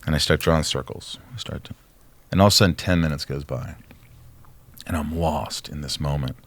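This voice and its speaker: A man, a podcast guest, telling a personal story in casual chat, animated and swearing freely. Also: a bass voice, brisk. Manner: animated, acts out dialogue, swears a lot.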